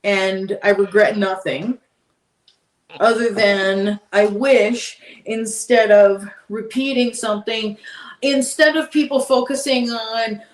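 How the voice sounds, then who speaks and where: A woman's voice: mid-range voice, steady tone, slow pace. A woman talking as a guest on a podcast, emphatic and heated, repeating her points. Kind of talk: casual podcast chat. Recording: echoey room, distant from mic.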